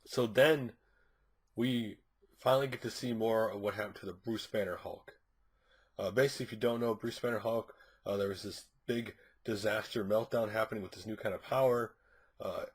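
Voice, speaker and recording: Casual comic reviewer: a man with a lowish, slightly husky voice, rambling with lots of fillers. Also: steady tone, moderate pace. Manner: rambling, frequent fillers and restarts. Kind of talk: casual spoken plot recap.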